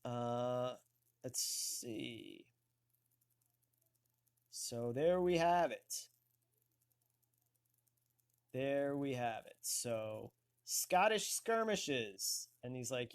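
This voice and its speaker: A man hosting a casual online talk show, slowly thinking aloud as he looks things up on a computer. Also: medium pitch, expressive, clean tone. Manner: slow, thinking aloud while searching. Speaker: host.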